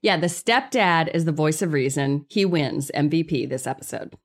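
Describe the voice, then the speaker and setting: Low-voiced sarcastic woman. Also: animated, moderate pace. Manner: sarcastic, exasperated, jumps into high mock outrage. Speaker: podcast host. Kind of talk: casual recap chat.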